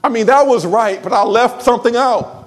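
A man with a high voice preaches to his church. He tells stories, drops low and quiet for asides, and then rises into loud, ringing declarations. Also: brisk. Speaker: pastor. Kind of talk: sermon.

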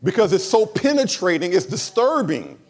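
A male pastor delivering a sermon in a high, very lively voice. He leans hard on key words, then drops low and quiet for asides. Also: moderate pace. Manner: emphatic, swings between loud high stresses and low quiet asides.

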